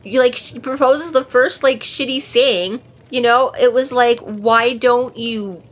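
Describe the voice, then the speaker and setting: A woman co-hosting a podcast in casual chat, animated, swearing freely and acting out characters' lines in quick asides. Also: fairly high pitch, soft background music. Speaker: podcast co-host. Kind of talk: casual book-discussion chat.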